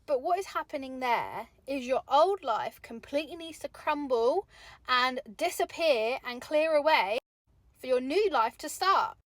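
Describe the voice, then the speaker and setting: Young woman, high voice, frank motivational vlog talk, dry close sound. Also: lively intonation, measured pace, fairly bright tone, no echo. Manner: candid, chatty, swears casually. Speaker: vlogger.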